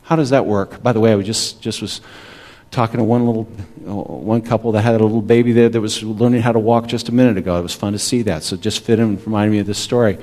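A man's voice: on the low side, fairly even intonation, fast, a little mellow. A man in his forties, a pastor, preaching a sermon in a conversational way and often checking in with the congregation.

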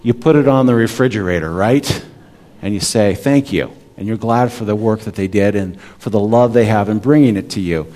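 A man's voice: mid-range voice, dark tone. A man in his forties, a pastor, preaching a sermon in a conversational way and often checking in with the congregation.

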